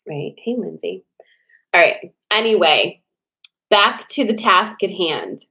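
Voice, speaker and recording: A woman's voice: on the low side, lively intonation, takes it slowly, gravelly, long pauses, sharp tone, poor audio. A woman in her forties hosting a casual livestream, chatty and rambling, reading cards to viewers and full of "like" fillers.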